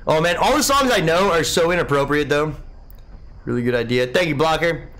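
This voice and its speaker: Hosting a live game stream, a young man with a fairly high, expressive, slightly bright voice talks briskly. He rambles in a laid-back way, reading and answering viewer comments and saying "man" a lot.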